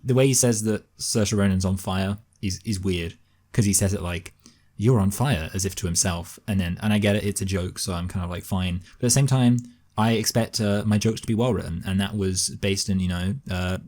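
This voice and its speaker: Fast-talking young man with a low voice. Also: mellow. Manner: rambling, quick and offhand, with many fillers. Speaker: co-host of a film review show. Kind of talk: casual chat.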